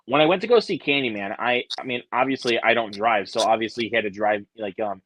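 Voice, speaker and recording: A man's voice: mid-range voice, fast, fairly bright tone. A man co-hosting a casual chat, rambling hesitantly with many restarts and fillers. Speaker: podcast co-host. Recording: dry, dull sound.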